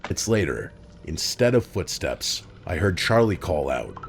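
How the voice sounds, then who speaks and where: A man reading a scripted true horror story in a steady, even storytelling manner. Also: low voice, a little slow, gravelly, a little hiss or hum. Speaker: story narrator.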